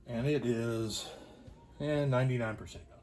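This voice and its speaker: A man giving a casual workshop demonstration as a pinball restorer, thinking aloud in a loose, unhurried way. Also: mid-range voice, steady tone, darkish tone, soft background music. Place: home workshop at a workbench.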